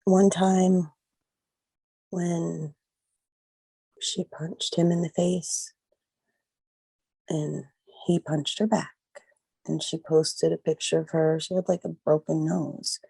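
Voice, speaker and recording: Low, gravelly middle-aged woman. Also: steady tone, slow pace, long pauses, dark tone, dry recording, poor audio. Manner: rambling, fills speech with "like" and "you know". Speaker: guest, mother of a missing daughter. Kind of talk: emotional personal recollection.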